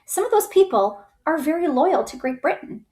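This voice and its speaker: A woman's voice: high-pitched, big pitch swings, moderate pace, dark tone. A woman giving a casual history lesson as a teacher, chatty, with many "right?" tags and little put-on voices for the groups she describes.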